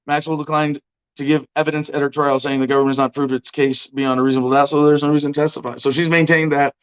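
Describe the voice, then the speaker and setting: A man's voice: fairly high pitch, flat delivery, fast talker, clear, resonant tone. A man hosting a casual livestream, talking in a loose, rambling way and hedging as he goes. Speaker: show host. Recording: muffled lo-fi stream audio.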